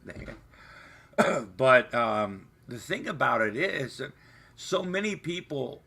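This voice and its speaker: A man's voice: mid-range voice, very animated, takes it slowly, vocal fry, sharp tone, slightly rough. A man hosting a livestream from home, chatting in a rambling, profane, meandering way. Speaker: livestream host. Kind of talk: rambling live-stream chat. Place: home, off camera.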